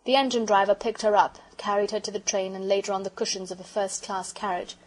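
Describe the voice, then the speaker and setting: A woman narrating a children's audiobook with expressive storytelling. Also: medium pitch, fast talker, poor audio.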